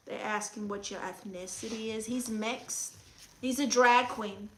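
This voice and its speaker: A woman hosting a comedy livestream as an advice-giving aunt, chatting casually with a sassy, teasing manner and reading comments out loud. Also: mid-range voice, fairly even intonation, measured pace, a little hiss or hum, low-quality recording. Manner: coos baby talk at her dog.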